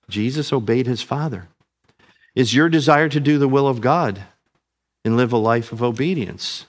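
A man's voice: medium pitch, moderate pace. A man preaching a sermon, earnest, calling his listeners family and asking them questions.

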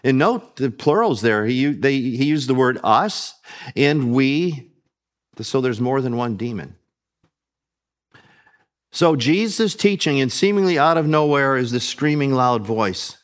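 A male preacher works through a scripture passage line by line. He reads the verses aloud, then explains them in a slow, deliberate teaching voice at an ordinary middle pitch. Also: lively intonation. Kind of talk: expository sermon.

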